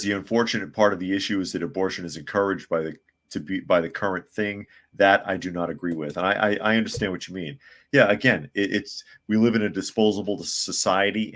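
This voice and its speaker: A man's voice: deep voice, a bit bright. A man hosting a live podcast, reading chat comments aloud and giving blunt, sarcastic opinions. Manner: blunt, sarcastic, mocks others in put-on voices.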